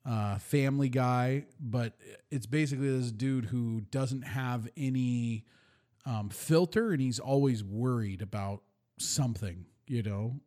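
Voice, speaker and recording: A man co-hosting a relaxed podcast, chatting loosely in a middle-pitched voice. He rambles, backing up and restarting his sentences as he goes. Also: unhurried. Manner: rambling, with many fillers and restarts. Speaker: podcast co-host. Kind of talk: casual chat.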